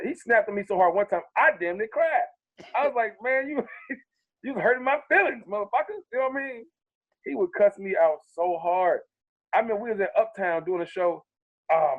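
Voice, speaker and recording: A man who is a comedian guest, telling stories in a casual interview, animated and profane, acting out what people said to him. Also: sits high. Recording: tinny phone-like sound.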